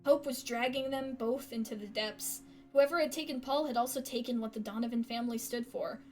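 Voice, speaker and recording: A woman streamer reads a story game's narration aloud with a high voice. She reads expressively and breaks in with gasps and exclamations. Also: a little fast, faint music behind. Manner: expressive, gasping reactions. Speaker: gaming streamer. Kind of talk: reading a story game aloud.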